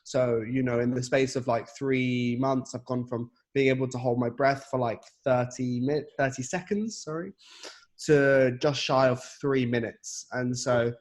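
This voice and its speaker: A man in his twenties, a podcast guest in casual conversation. He speaks reflectively and haltingly, often pausing on fillers. His voice sits at a middle pitch for a man. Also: fairly even intonation. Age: 20s. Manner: reflective, halting, many fillers like "you know" and "um". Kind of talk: casual chat.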